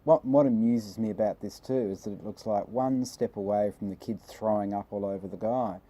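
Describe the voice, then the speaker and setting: A man's voice: on the low side, normal speed, dark tone. A man giving casual, joking commentary on old magazine adverts, chuckling at his own asides.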